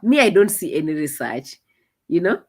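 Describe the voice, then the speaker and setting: A woman giving casual, mocking commentary, often jumping into high mimicking voices. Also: big pitch swings, moderate pace, darkish tone, breathy edge. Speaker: reaction commentator.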